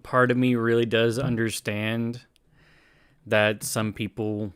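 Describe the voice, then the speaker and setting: A man's voice: medium pitch, flat delivery, takes it slowly, clear, resonant tone. A man chatting casually on a live stream, reacting to an anime and his chat in a rambling way, often restarting his sentences. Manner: rambling, self-correcting, laughs often.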